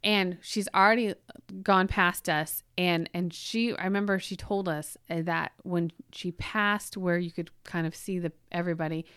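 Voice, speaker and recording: A woman in her forties co-hosting a chat show, telling a family story with feeling and lifting her voice high when she quotes people. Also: steady tone, normal speed, a bit bright, clear, resonant tone, no echo, clean studio sound. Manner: emotional storyteller, voice rising high when quoting. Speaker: podcast co-host.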